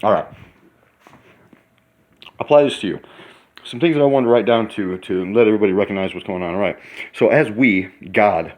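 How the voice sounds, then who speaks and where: A man in his thirties, excitable and rambling in a casual vlog monologue, sometimes talking while eating in a hotel room. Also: fairly low pitch, fairly quick, pauses often. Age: 30s. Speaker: vlogger.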